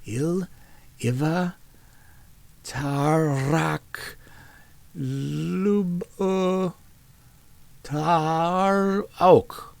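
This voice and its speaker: Eager young sister, careful and earnest, as a male storyteller puts her on, raised and gravelly. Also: fairly high pitch, lively intonation, drawn-out words, long pauses, darkish tone, no room sound, pitched above the performer's own voice, exaggerated voice. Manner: careful sounding-out of words.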